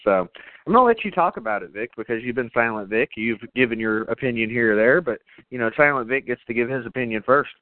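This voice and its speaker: A man co-hosting a podcast, chatting casually and profanely about horror movies with excitement and jokes. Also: medium pitch, quick pace, no echo, narrow, tinny audio. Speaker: podcast co-host.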